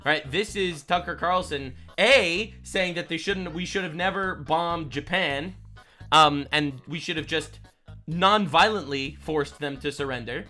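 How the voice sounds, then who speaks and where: A young man streaming reaction commentary on clips, excitable and incredulous, jumping between loud outbursts and quick muttered asides. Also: on the high side, soft background music.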